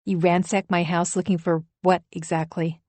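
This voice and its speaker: Lady reading a cool smug rival woman, fake-sweet, low-ish voice, kinda dry sound. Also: moderate pace, dry recording, close to an everyday voice. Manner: calm, falsely sweet, condescending. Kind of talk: audiobook character voice.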